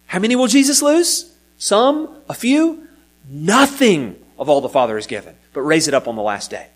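A man's voice: high-pitched, big pitch swings, moderate pace. A man preaching a sermon that teaches from scripture, with an emphatic delivery that keeps rising and falling and now and then repeats a word. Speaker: pastor.

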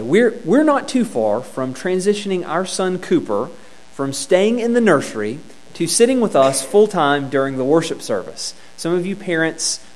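A male preacher with a high, bright-pitched voice that swoops up and down as he teaches. His sermon delivery is conversational and lightly humorous, and he often doubles back on a word before pushing on. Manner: repeats words as he restarts phrases.

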